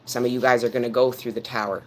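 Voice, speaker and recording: A man of middle pitch leads a tarot reading, lecturing his viewers in a firm, earnest tone. His delivery stays fairly monotone and keeps circling back to the same phrases for weight. A faint hum sits under his voice. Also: fast. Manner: earnest, preaching directly to his audience; repeats phrases for emphasis. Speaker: tarot reader.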